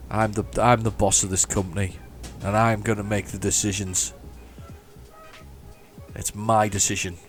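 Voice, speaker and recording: A man's voice: on the low side, flat delivery, moderate pace, pauses often, faint music behind. A man giving chatty, mock-heroic commentary while playing a driving game. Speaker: gaming channel host. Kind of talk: casual gameplay commentary.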